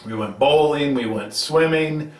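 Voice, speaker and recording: A man's voice: a little high, unhurried. A middle-aged man hosting a casual home-recorded chat, rambling and teasing, often restarting his sentences. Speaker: show host. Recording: roomy sound, mic at a distance.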